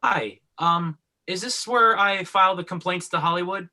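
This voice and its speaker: A man's voice: high-pitched, moderate pace, pushed and bright. A man performing online improv comedy, rambling earnestly with lots of fillers.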